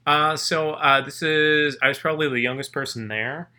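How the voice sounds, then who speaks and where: A man's voice: a little high, fairly even intonation, moderate pace, pushed and bright. A man chatting casually as a podcast co-host, rambling through stories and often stopping to restart his sentences. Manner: rambling, self-interrupting storyteller. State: groggy after a nap. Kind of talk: casual chat.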